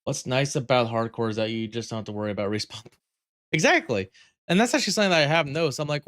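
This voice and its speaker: A man's voice: mid-range voice, big pitch swings, fast talker, a bit bright, dry recording, studio quality. A man live streaming a game, chatting casually with viewers in a rambling, playful way with lots of fillers.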